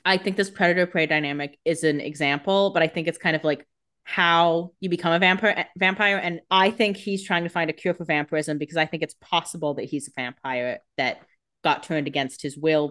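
A woman's voice: low voice, fairly even intonation, brisk, fairly bright tone. Jokey, cussing woman podcaster. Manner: swears freely, jokey, voices exasperated reactions. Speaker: podcast co-host. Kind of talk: casual chat.

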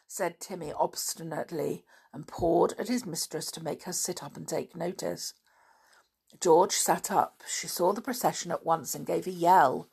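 Slow, gravelly woman reading a storybook. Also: fairly low pitch. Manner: calm, unhurried storytelling. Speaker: narrator.

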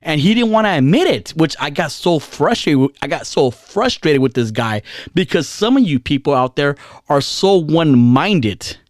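A man's voice: fairly high pitch, lively intonation, moderate pace, dry recording, clean studio sound. A man ranting casually and heatedly, repeating himself, swearing and using slang. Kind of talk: casual rant.

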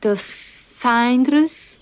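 An actress playing a young French princess who eagerly practises English words, speaking with a French accent in a period film. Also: female voice, fairly high pitch, very slow. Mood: playful, earnest.

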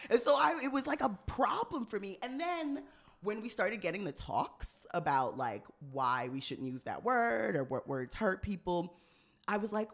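A woman co-hosting a podcast in casual chat, telling stories in an animated way and laughing often. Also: lowish voice, a little slow. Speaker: podcast co-host.

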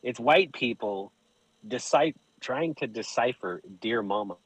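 A man, a podcast guest telling stories in casual chat, animated and profane, laughing often. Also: mid-range voice, a little slow, breathy edge, no echo, poor audio.

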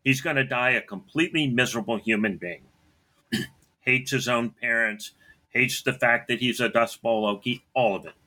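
Man, middle-aged, bright and tense tone, earnest storytelling, frequent throat clearing. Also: mid-range voice, normal speed. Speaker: storyteller recounting his life. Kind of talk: personal storytelling.

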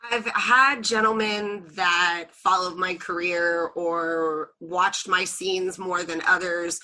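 A woman chatting as a podcast guest, her voice bright and clear. She tells her story in an animated way, laughing often and acting out what people said. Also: lowish voice, takes it slowly. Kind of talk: casual storytelling chat.

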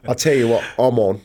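A man with a New Zealand accent co-hosting a breakfast show. He keeps up a teasing, jokey patter, often breaking into a laugh, at a middling pitch. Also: warm tone. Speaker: radio breakfast co-host. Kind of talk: casual radio banter.

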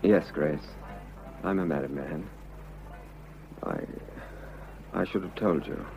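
An actor playing an unhappily married man who confesses his love, earnest and halting, in a vintage radio drama. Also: rumbling low, vocal fry, over music, exaggerated voice. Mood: earnest pleading. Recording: dull lo-fi old radio recording.

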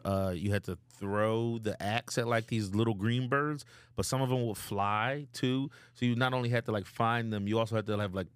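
A man's voice: lowish voice, steady tone, normal speed, hardly any pauses, clear, resonant tone, no room sound, studio quality. A young man co-hosting a casual podcast chat, loose and rambling with lots of fillers. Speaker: podcast co-host.

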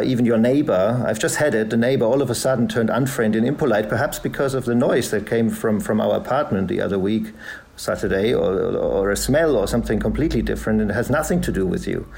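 Gravelly German man, hesitant. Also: medium pitch, darkish tone. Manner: hesitant, many fillers and restarts. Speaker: guest, journalist and author. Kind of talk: conversational interview answers. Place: podcast recording.

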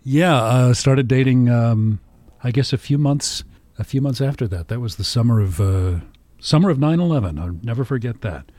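Male co-host, mid pitch, wry raconteur, dead-dry studio mic. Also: animated, moderate pace, warm tone, dry recording. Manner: anecdotal, dry joking delivery. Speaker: podcast co-host. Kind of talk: casual storytelling chat.

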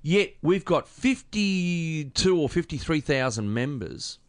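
A man's voice: fairly high pitch, sing-song, slow. A middle-aged Australian man co-hosting a sports podcast, blunt and emphatic, often repeating himself in casual chat. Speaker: podcast co-host.

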